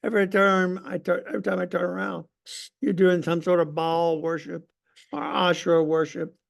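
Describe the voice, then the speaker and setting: This man's voice is high and creaky, with little pitch movement and a moderate pace. He's teaching a church Sunday school class, talking emphatically yet conversationally and putting questions to the group.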